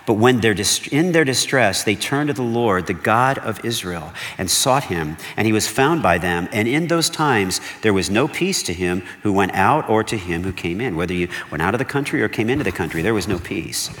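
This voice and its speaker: A male pastor preaching a sermon, animated and conversational, with emphatic repeated warnings and frequent checks like "okay?" to the congregation. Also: on the low side, normal speed, hardly any pauses. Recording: long hall reverb.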